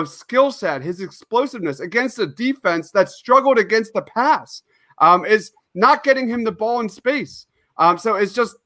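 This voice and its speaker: A man's voice: high-pitched, pushed and bright, no room sound. A man co-hosting a sports podcast, ranting in an exasperated, emphatic way. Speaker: podcast co-host. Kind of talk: opinionated sports podcast rant.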